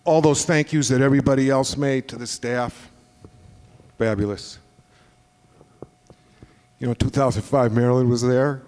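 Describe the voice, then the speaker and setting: A man's voice: mid-range voice, fairly even intonation, normal speed, pauses often, darkish tone, clean tone. A man state senator closing a farewell speech with plain, heartfelt thanks from a legislative chamber podium. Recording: long reverb of a large chamber.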